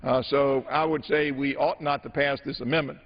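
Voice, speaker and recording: A man managing a floor debate as a legislator, speaking in a measured, halting way with many filler pauses. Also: medium pitch, steady tone. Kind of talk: formal floor debate speech. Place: large legislative chamber. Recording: dull audio in an echoing chamber.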